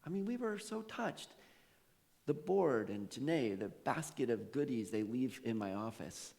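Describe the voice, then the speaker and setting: A man's voice: mid-range voice, expressive, unhurried, creaky, a little mellow, in a large hall. A male pastor preaching a sermon, telling a story with laughs and quoted voices. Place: church sanctuary.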